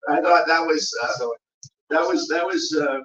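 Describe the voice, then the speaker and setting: A man's voice: fairly high pitch, measured pace, distant mic. A man telling an anecdote to a live audience at a memorial gathering, acting out the people in his story. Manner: animated, acts out the voices in his stories. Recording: dull, echoey room miked from afar, audience audible.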